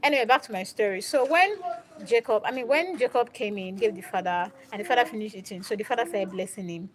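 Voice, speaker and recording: A young woman hosting a live stream, telling a Bible story in a casual, animated and dramatic way. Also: medium pitch, quick pace, low-quality recording. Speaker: livestream host.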